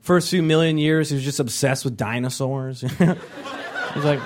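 A young man performing a stand-up comedy set on a club stage, acting out characters with sudden shouted voices. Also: fairly high pitch, moderate pace, noisy background.

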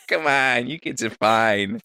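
A woman improvising a weary, gruff father who mutters low and tired. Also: sharp tone, no room sound, studio quality, heavily acted. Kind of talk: improvised comedy podcast.

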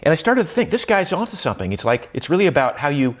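A man's voice: fairly high pitch, big pitch swings, quick pace. An older man, a guest in an interview, talking reflectively with many restarts and fillers, his voice lifting when he stresses a point. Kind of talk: conversational interview.

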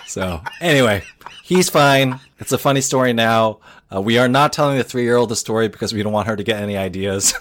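A man's voice: mid-range voice, fairly quick, a bit bright, slight background noise. A man in his thirties, a podcast co-host, telling a rambling, self-mocking story in casual chat.

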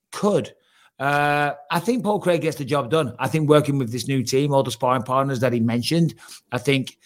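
A man hosting a casual sports talk show, energetic and jokey, who jumps quickly between topics. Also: mid-range voice. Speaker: host.

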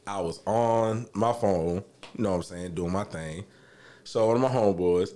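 A young man, telling a story in a casual podcast chat, animated and swearing freely. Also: moderate pace. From Alabama, US. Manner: animated, swearing, acts out quotes in high voices. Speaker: podcast co-host.

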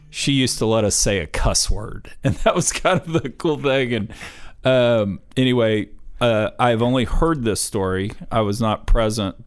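A man's voice: on the low side, smooth. Chatty middle-aged man telling stories. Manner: chatty storyteller, laughs while telling stories. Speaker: podcast host interviewing his father. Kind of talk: casual family conversation.

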